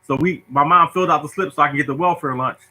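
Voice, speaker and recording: Guy telling a childhood story to viewers, bright voice, keeps cracking up laughing. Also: fairly high pitch, fast talker, poor audio. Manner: laughs often, animated, imitates people. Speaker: storyteller host. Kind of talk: casual storytelling monologue to viewers.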